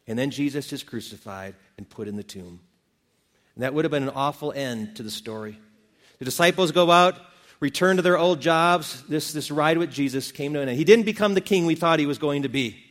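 Folksy preacher man in a reverberant hall. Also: a little high. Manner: folksy storytelling, retelling scripture in casual speech. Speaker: pastor. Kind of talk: sermon.

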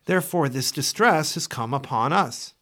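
A man's voice: fairly high pitch, expressive, normal speed, pushed and bright. A man reading the earnest, pleading words of a group of frightened grown brothers. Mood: remorseful.

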